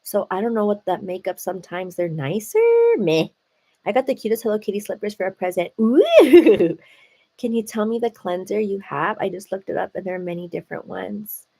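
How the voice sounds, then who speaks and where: A woman's voice: medium pitch, normal speed, creaky. A woman hosting a live stream, telling a story in a casual, chatty way full of "like" and "you know". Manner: chatty, animated, heavy use of "like". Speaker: livestream host. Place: at home, seated.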